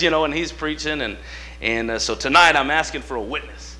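A man preaching a sermon, telling folksy stories and swinging between quiet asides and loud, emphatic lines. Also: on the high side, fairly quick. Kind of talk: sermon with storytelling.

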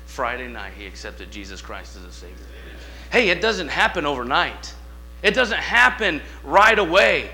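A man preaching a sermon with passion, swinging between shouting and hushed asides, acting out dialogue in different voices. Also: fairly high pitch, very animated, moderate pace. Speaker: guest preacher. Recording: mains hum behind the voice.

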